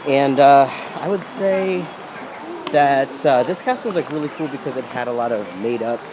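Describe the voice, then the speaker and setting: A man's voice: medium pitch, moderate pace, background noise. Hesitant man chatting outdoors. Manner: hesitant, lots of fillers. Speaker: travel companion. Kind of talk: casual chat. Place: outdoors at a castle.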